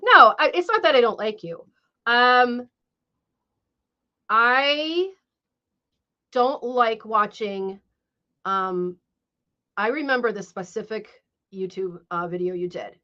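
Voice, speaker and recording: A woman's voice: fairly high pitch, lively intonation, takes it slowly, pauses often, bright, forceful tone. A woman hosting a live stream, chatting casually and hesitantly with many fillers. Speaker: livestream host. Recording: muffled lo-fi stream audio.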